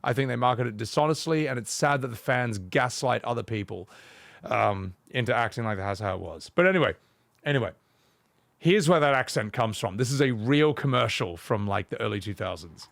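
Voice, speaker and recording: A man's voice: mid-range voice, lively intonation, brisk, vocal fry, no echo. A male streamer ranting casually, blunt and emphatic, swearing often. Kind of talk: casual rant while gaming.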